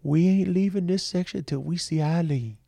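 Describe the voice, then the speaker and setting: A man voicing a gruff, loyal man from a homeless shelter, repeating himself with emphatic street talk in a raised voice. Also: fairly high pitch, normal speed, warm tone, no echo, studio quality, voice pushed up. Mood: insistent.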